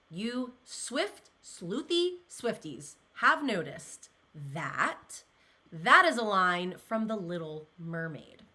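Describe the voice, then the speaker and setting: Woman gushing, lively-voiced young vlogger. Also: medium pitch, takes it slowly. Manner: gushing, rambling, many "like"s, emotional. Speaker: pop culture vlogger. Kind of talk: casual chat, reacting to comments.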